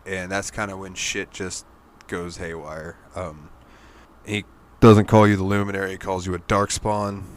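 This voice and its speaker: A man on a casual gaming podcast, relaxed and a bit profane, hesitating with ums as he talks. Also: sits low, slight background noise. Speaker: podcast co-host.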